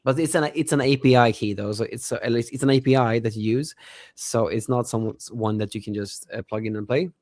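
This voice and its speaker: A young man rambles with excitement, keeps forgetting names and laughs through his sentences. His voice sits in the middle range. The sound is dry and close. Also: medium pitch, fairly quick, no echo. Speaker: podcast co-host, app developer. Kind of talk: casual podcast chat.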